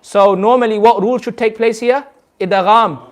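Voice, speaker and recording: A man with a notably high voice leads a group tajweed class. He explains each rule patiently and repeats it often. He stretches the recited words out slowly for the class to follow. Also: steady tone. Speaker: Quran recitation teacher. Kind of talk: tajweed lesson with call-and-response recitation. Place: community centre classroom.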